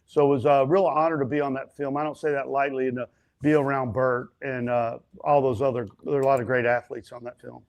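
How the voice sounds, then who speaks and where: A stuntman and actor telling set stories as an interview guest, animated and chatty, acting out other people's lines. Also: medium pitch, a little fast, creaky. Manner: frequent fillers and restarts. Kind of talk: casual storytelling interview.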